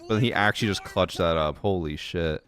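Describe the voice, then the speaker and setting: A man's voice: sits low, brisk, a bit bright. A man streamer in casual co-stream banter, joking, profane and rambling.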